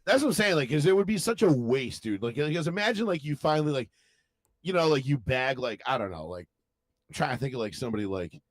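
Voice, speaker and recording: A man co-hosts a podcast in casual banter, talking fast in a medium-pitched voice. He's animated, swears a lot and fills his speech with fillers. The recording is dry.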